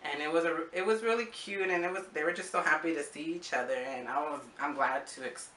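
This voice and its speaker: Bright-voiced young man in echoey room. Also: on the high side, a little fast, far from the mic, slight background noise. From Arizona, USA. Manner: rambling, with frequent fillers and acted-out quotes. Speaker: vlogger. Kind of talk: casual personal storytelling.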